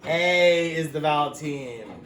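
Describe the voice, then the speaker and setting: A man's voice: on the high side, fairly bright tone, reverberant, a little hiss or hum. Patient man teaching phonics. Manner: patient, explains words slowly and repeats them. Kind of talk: phonics lesson for young children.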